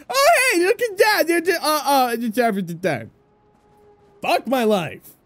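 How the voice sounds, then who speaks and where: A young woman giving loud, excitable gameplay commentary, swearing and laughing often. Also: sits high, a little slow, dry recording. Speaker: gameplay streamer.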